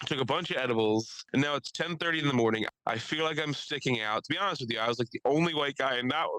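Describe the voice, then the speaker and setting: Bright-voiced rambling man telling stories. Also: mid-range voice, fast talker, no room sound, low-quality recording. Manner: rambling, profane, laughs often. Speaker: podcast co-host. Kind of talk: casual storytelling chat.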